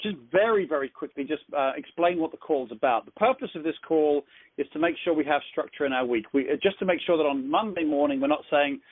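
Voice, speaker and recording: Englishman hosting a call, fairly high voice, rambly and chatty, tinny phone sound. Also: fairly quick. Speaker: host of a business conference call. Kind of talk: casual motivational talk.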